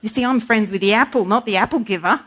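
A woman preaching a sermon in an animated way, acting out voices when she quotes. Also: on the high side, fast talker, husky.

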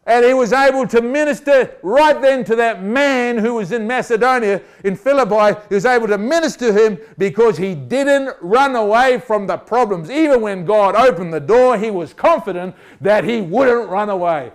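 A male preacher delivers a sermon with animated storytelling. He keeps asking his listeners questions, and his voice sits high for a man. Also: unhurried.

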